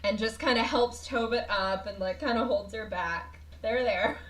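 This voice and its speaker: A woman's voice: on the high side, normal speed, fairly bright tone, low-quality recording. A woman tabletop player casually describing what her character does.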